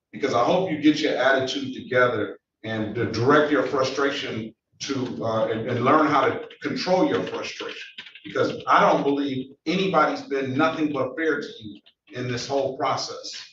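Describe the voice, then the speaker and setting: A man's voice: mid-range voice, a bit bright, distant mic. A man acting as a judge, lecturing a defendant sternly during a remote hearing. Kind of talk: courtroom hearing over video. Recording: echoey video-call audio from afar, dull and noisy.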